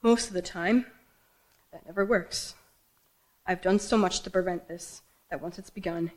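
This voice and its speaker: A woman's voice: lowish voice, a little slow, pauses often, rough recording. A young woman, a writer, performing her own raw and intense personal story live on a theater stage. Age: young adult. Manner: raw, intense, emotional delivery.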